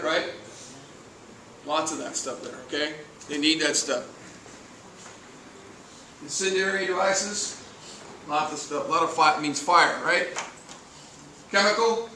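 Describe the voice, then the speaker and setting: A male firefighter teaches a classroom, chatty and anecdotal, checking in with the class. His voice is bright and a touch high. It is captured from across an echoey room, with faint noise under it. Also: far from the mic. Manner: casual, chatty, tells anecdotes, asks the class questions. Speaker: firefighter instructor. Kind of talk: classroom training lecture. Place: training classroom.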